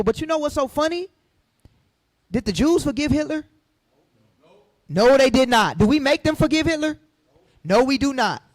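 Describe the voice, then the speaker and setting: A man teaching from the Bible to a group, fiery and preachy, firing questions at the room and rising to shouts. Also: high-pitched, no room sound.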